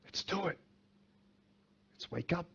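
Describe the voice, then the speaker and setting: A man's voice: slow, dull audio. Impassioned man giving a motivational speech. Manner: impassioned, rhetorical questions, swings from loud to hushed. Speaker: motivational speaker.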